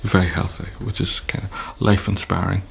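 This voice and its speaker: An Irish man recalling his time as a hostage in a measured, storytelling interview with wry humour. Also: low voice, flat delivery, vocal fry, husky. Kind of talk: reflective interview recollection.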